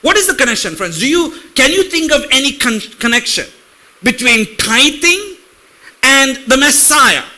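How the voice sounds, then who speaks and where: A man preaches to his congregation in a very high, strikingly bright voice. He keeps asking the people in front of him questions and slows right down to sound out Hebrew words. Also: sing-song. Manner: talks directly to congregation with questions; reads Hebrew words slowly. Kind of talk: sermon teaching.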